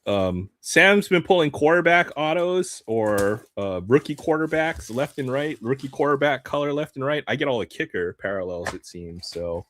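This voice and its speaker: A man's voice: medium pitch, lively intonation, normal speed, hardly any pauses, a bit bright, slight background noise. A man hosting a live stream, chatting casually while opening sports cards, laughing often and trailing off with ums.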